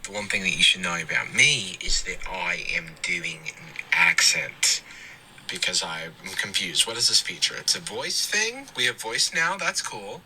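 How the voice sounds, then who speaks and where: Man doing a puzzled guy with a put-on accent, slow, bright, lively pitch. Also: a little hiss or hum, heavily acted, rough recording. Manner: puzzled, halting. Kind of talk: dating app voice message.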